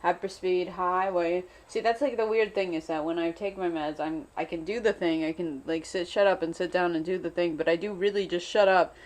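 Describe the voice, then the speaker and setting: A woman's voice: on the low side, steady tone, a little fast, hardly any pauses, darkish tone. A woman filming herself in an unscripted monologue, anxious and rambling, repeating the same phrases over and over. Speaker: vlogger. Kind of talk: unscripted self-filmed monologue. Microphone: self-filmed camera.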